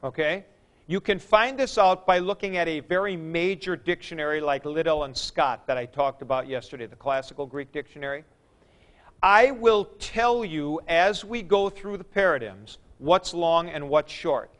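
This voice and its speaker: Patient high-voiced man teaching a class. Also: expressive, moderate pace, fairly bright tone. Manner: patient, explanatory, repeats key points. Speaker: Greek teacher. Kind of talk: classroom lecture.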